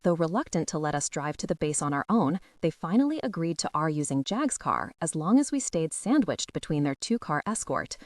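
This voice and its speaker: A woman with a lowish voice narrates a first-person audiobook, her pitch rising and falling with feeling. The sound is close and very dry, with no room around it. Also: big pitch swings, brisk, hardly any pauses, dry recording.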